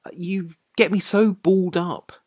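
In a dramatized short story reading, a woman voices an anxious young man who pleads and becomes increasingly exasperated, the mood pleading throughout. Her voice is low-ish, husky and darkish, with fairly even intonation at a measured pace, recorded in studio quality with no echo.

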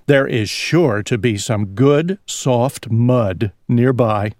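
A man voicing a small male pig who loves mud, in a slow, drawn-out storybook reading. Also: mid-range voice, darkish tone, no room sound, studio quality, natural voice. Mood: content.

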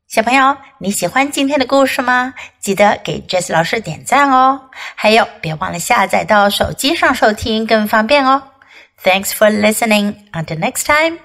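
Teacher host: woman, gravelly edge, slightly high voice, coaxing sign-off to kids. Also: animated, normal speed, a bit bright. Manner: friendly, coaxing address to children. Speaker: English teacher. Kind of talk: children's lesson sign-off.

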